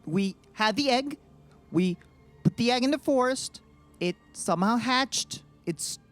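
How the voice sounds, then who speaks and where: Animated man voicing his character, lively intonation, stammery delivery. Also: unhurried, soft background music. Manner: animated, stammering, swinging in pitch. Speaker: player. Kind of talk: in-character tabletop role-play.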